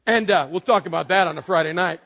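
A middle-aged man from West Texas, a pastor preaching and telling a story with animated acting out of both sides. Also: sits high, vocal fry, lo-fi sound. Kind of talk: sermon.

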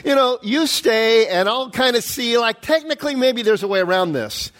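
A middle-aged male pastor preaching a sermon, animated and storytelling, acting out the quotes. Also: very high-pitched, normal speed.

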